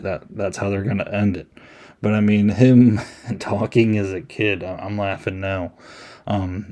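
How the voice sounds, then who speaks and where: A man's voice: lowish voice, dark tone. A man hosting a podcast, talking through a movie review in a rambling, amused way with lots of "um"s. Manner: rambling, amused, many ums. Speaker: podcast host. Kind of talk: casual solo movie review.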